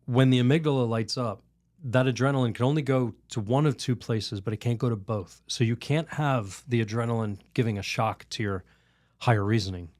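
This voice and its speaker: A man, a priest on a podcast, telling a story and teaching in a lively, rambling way. He laughs often and restarts his sentences. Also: mid-range voice, fairly quick, no room sound, clean studio sound. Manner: animated, laughs while telling stories; rambling restarts, many "you know"s. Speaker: Catholic priest, podcast guest.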